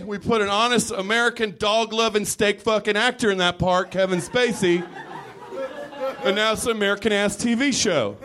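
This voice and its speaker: A man works through a stand-up set in a rambling, self-deprecating way. His speaking voice sits fairly high. He is recorded live on a club stage, with audience laughter clearly heard. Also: fairly even intonation, moderate pace, a crowd in the background. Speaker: stand-up comedian.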